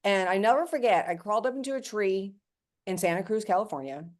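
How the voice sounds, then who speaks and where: She talks fast in a mid-range voice: a network marketing team leader in her fifties telling her story on a team call. Chatty and animated, she acts out what people said and speaks right to her audience.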